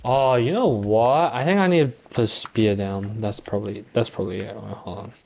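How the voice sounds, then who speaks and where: A man giving gameplay commentary, reacting loudly and talking to the creatures he meets on screen. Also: fairly low pitch, normal speed, creaky, muffled recording, a little hiss or hum. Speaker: gameplay streamer.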